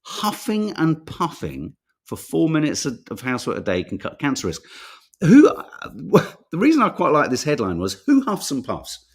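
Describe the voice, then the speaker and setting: A chatty man from England co-hosts a casual talk show, wandering off into tangents and swearing freely. His pitch swings up and down a lot as he talks. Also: huge pitch swings, moderate pace, breathy edge. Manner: rambling, sweary, chatty, reads out viewer names. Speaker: podcast co-host reading viewer comments. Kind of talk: casual chat.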